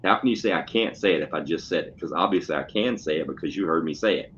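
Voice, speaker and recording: Deep-voiced man, blunt profane storyteller, casual podcast chat, dull lo-fi sound with faint hiss. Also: fast, a bit bright. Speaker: podcast co-host, schoolteacher. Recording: dull lo-fi audio with faint noise.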